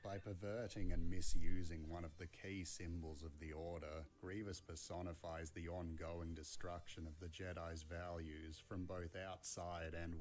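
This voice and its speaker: Guy reading a video essay, really low and pretty flat, calm analytical tone. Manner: measured, analytical delivery. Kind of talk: scripted narration.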